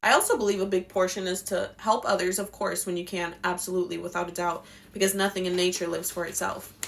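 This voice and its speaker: A woman's voice: lowish voice, fairly even intonation, quick pace, gravelly, slight background noise. A young woman giving spiritual life advice in a casual, passionate, slangy talk, swearing now and then. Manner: passionate, slangy, swears, acts out quotes in voices.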